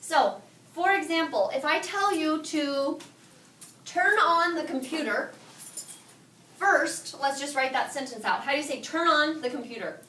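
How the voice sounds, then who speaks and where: A woman teaching a high school Spanish class, quizzing her students and repeating their answers back to them. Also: measured pace, sharp tone, a little hiss or hum. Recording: echoey classroom from far off.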